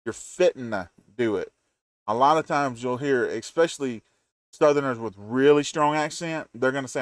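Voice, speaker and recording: A man's voice: mid-range voice, fairly quick, dry recording. Man, Southern accent, casual reaction commentary, chatty, dry recording. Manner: chatty, folksy, playful asides. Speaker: reaction video host.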